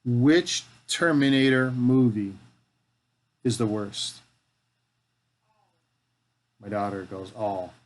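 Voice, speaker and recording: A man's voice: mid-range voice, steady tone, slow pace, long pauses. Middle-aged guy hosting a live build stream, casual and wisecracking, muttering to himself at his work. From Canada. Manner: joking, talks to himself as he works. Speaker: live-stream host building a toy kit. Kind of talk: casual chat while building.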